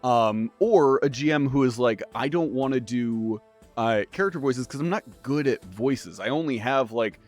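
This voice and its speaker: A man co-hosting a casual gaming chat, talking in a halting way with frequent ums and trailing off. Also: mid-range voice, expressive, faint music behind. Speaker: podcast co-host.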